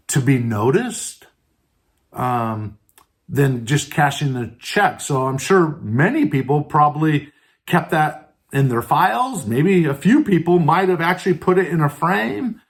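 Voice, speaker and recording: Guy doing a motivational leadership podcast, pitch jumps around a lot, lots of "right?", talks straight to the listener. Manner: earnest, stresses words by tone, asks listeners questions; many fillers like "right?" and "and so forth". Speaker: podcast host.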